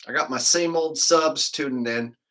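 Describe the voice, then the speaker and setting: A man's voice: fairly high pitch, normal speed, a bit bright. A man hosting a casual livestream, rambling loosely and dropping "man" and "like" as he talks. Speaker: livestream host.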